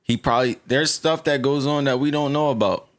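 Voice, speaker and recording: A man's voice: mid-range voice, a little fast. Laid-back slangy man chatting. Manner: loose slangy storytelling, many restarts and fillers. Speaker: podcast panelist. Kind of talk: casual chat.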